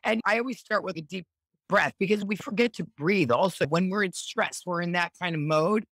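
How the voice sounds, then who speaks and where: A middle-aged woman speaking as a podcast guest in a casual, earnest and encouraging way, slowly leading affirmations. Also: on the low side, fairly bright tone, no echo. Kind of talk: casual motivational chat.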